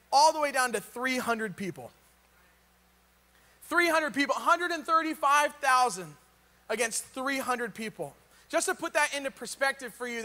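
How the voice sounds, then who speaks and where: High, bright-voiced preacher in a hall. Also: male voice. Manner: casual, joking retelling with rhetorical questions. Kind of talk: sermon.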